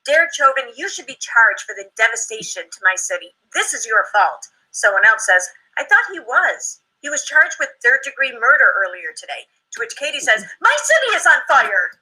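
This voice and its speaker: A woman co-hosting a vlog, reading out social media posts in a steady manner. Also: on the high side, moderate pace, few pauses, husky, poor audio. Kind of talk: reading screenshots aloud.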